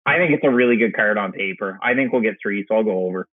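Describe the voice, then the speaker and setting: Guy co-hosting, husky voice, sounds like a dry tinny phone line, rambles a lot. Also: on the low side, fast, no echo. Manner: rambling, restarts often. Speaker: podcast co-host. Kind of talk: casual sports chat.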